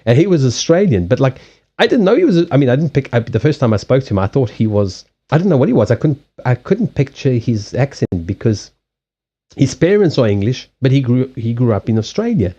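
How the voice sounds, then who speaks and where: Mellow-voiced man chatting on a stream. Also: medium pitch, big pitch swings, brisk, dull audio. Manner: chatty anecdotal storytelling, laughs often. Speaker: host of a card-reading live stream. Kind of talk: casual live-stream chat.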